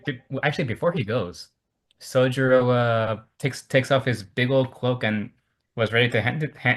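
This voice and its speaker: Man stumbling through an anime recap. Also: medium pitch. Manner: stumbling, repetitive retelling with many restarts. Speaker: anime review co-host. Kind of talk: casual chat over a call.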